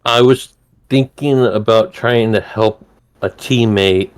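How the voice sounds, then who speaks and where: A man's voice: on the low side, smooth. A man playing a tabletop game, who chuckles often while describing his character. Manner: laughs often, speaks slowly with pauses. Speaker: player.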